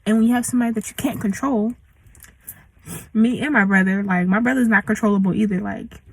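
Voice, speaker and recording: A woman's voice: medium pitch, fairly even intonation, brisk, poor audio. A young woman in her late teens venting in a casual storytime rant, slangy and full of likes. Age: young adult. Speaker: vlogger.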